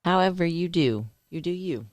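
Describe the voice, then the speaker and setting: Wry female radio co-host, smooth voice. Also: fairly low pitch, animated, moderate pace, darkish tone, no room sound. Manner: wry, teasing quips. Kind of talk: casual morning radio banter.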